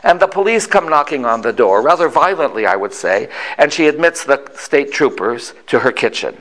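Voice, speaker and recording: An older man in his sixties telling a family story to listeners. His pitch rises and falls with lively swings, and he pauses for effect. His voice sits mid-range for a man. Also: rough recording. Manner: animated, dramatic pauses.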